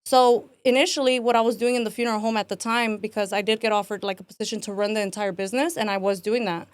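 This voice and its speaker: With a medium-pitched, smooth voice and a quick pace, this woman in her twenties tells her life story during an interview. She's casual and lively, voicing the people she quotes and frequently dropping "like" and "man." The recording is dry.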